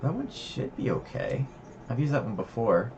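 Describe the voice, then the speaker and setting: A man's voice: medium pitch, big pitch swings, moderate pace, vocal fry, highs cut off, background noise. A man hosting a casual trading livestream from his home desk, chatting loosely with lots of fillers. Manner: rambling, chatty, many fillers. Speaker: trading stream host.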